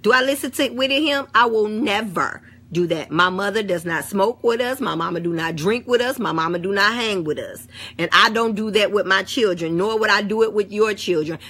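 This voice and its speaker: Speaking fairly quickly, a middle-aged vlogger with a St. Louis African American English accent talks casually to camera, blunt and liberal with swear words. Her medium-pitched voice sounds pushed and bright with a breathy edge.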